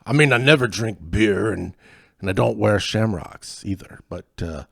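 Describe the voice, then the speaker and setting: A blustery, quarrelsome Scotch-Irish man, played by a man putting on a hammy brogue, barks his lines loud and high above a natural speaking voice. The brogue is gruff and quick-tempered. The sound is dry and close, with no room echo. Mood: gruff, belligerent. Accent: put-on Scottish-Irish brogue.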